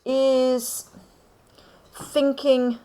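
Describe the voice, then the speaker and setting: A woman teacher, slowly talking through a poem for her class and checking in with "okay?" as she goes. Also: high voice, little pitch movement, dark tone, low-quality recording. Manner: slow, deliberate explaining with frequent "okay?" checks. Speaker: English teacher. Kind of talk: recorded lesson on poetry.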